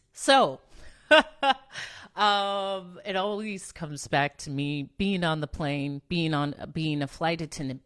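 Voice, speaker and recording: A woman hosting her own podcast, talking casually and thoughtfully as she tells a personal story, correcting herself and laughing at her own words. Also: lowish voice. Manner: slow and reflective, with self-corrections and small laughs. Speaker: podcast host.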